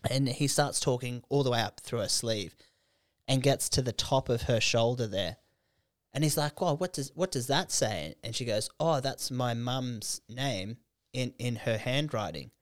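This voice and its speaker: A young male podcast host chats casually in a medium-pitched voice, recorded clean in a studio with no room sound. He tells stories animatedly, swearing freely and laughing quickly.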